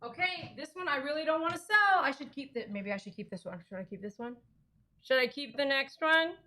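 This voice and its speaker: A woman's voice: sits high, animated, brisk, bright, forceful tone. A middle-aged woman at home running a casual live auction stream, chatting with viewers and talking to her dogs.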